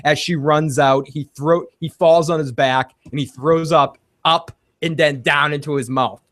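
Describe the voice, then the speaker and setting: A man's voice: fairly high pitch, a little slow, dry recording, clean studio sound. A man hosting a casual recap chat, retelling scenes and acting out the characters' lines. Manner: animated retelling, acts out quotes. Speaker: podcast host.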